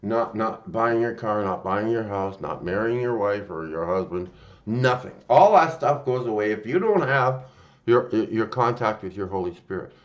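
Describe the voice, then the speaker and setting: A man's voice: lowish voice, lively intonation, moderate pace, highs cut off. A man hosting a Christian channel, giving an earnest, emphatic spiritual talk in an informal way.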